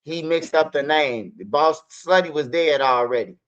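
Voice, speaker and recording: A man hosting a news commentary stream, telling street stories in a loose, animated way. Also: on the high side, normal speed. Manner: animated, acts out fight sounds and quotes. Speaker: commentary channel host. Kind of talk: casual storytelling commentary. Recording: dull lo-fi audio.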